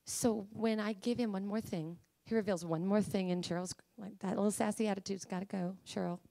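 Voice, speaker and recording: A woman preacher delivering a sermon, emphatic and pleading, at times rising to high fervent cries. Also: fairly even intonation, brisk, creaky, mellow.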